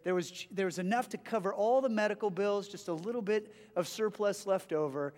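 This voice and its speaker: A man's voice: high voice, a little fast, darkish tone, long reverb tail. A man who is a pastor, preaching a sermon in a conversational way, often restarting his phrases.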